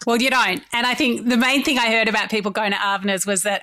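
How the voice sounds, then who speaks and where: A woman's voice: on the high side, flat delivery, fast talker, bright, forceful tone. A woman hosting a podcast who asks brief, curious questions. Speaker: podcast host. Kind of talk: interviewer questions.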